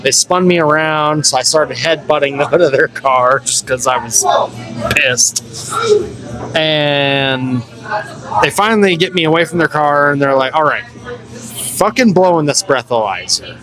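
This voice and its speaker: A man's voice: a little high, unhurried, music in the background, poor audio. A man telling a wild, profane story in casual bar talk, acting out the voices of the people in it. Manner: profane, animated, acts out quotes. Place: local bar.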